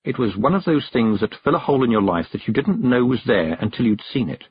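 A man narrating a storybook in an expressive, measured reading. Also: medium pitch, highs cut off, a little hiss or hum. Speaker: audiobook narrator.

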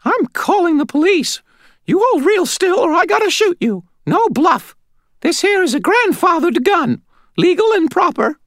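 A man voicing a feisty, squeaky little old woman in an audiobook, querulous and scolding. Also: very animated, measured pace, no room sound, clean studio sound, exaggerated voice. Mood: indignant. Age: older. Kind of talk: audiobook narration.

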